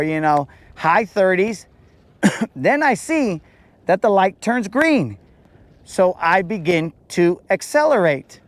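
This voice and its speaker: A man's voice: high-pitched, no room sound. A man hosting a podcast, telling a story in a casual, slangy, laid-back way. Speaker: podcast host.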